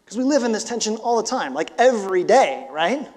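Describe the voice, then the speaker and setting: Animated high-voiced pastor in his forties. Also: brisk, few pauses, big-room sound. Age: 40s. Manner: animated, conversational preaching with emphatic bursts. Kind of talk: sermon.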